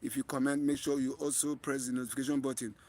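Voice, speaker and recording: A man's voice: medium pitch, flat delivery, fast talker, a little mellow. A man with a Nigerian accent hosting a live stream outdoors, talking earnestly to viewers and often repeating and restarting his phrases. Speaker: livestream host. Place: outdoors in bright sun.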